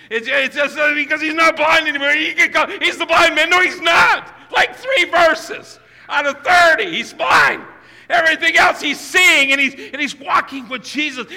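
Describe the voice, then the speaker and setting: A man's voice: very high-pitched, pushed and bright, long reverb tail. A pastor preaching a sermon to his congregation, emphatic and repetitive, often restarting his sentences. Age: older. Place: church sanctuary.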